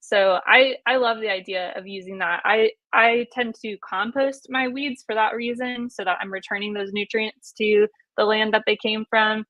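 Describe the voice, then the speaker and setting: A woman's voice: mid-range voice, fairly even intonation, normal speed, few pauses, a bit bright, no echo, highs cut off. A woman guest on a podcast, explaining her ideas thoughtfully in casual chat.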